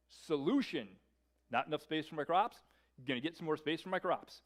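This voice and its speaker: A male pastor preaching a sermon as an animated storyteller, peppering his speech with "like.". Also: on the high side, brisk. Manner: animated storyteller, lots of filler "like". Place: church service.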